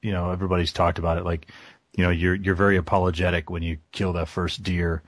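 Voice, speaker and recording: Very low-voiced guy, deadpan and dry, no room sound. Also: quick pace, no room sound. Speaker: podcast co-host. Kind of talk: casual chat.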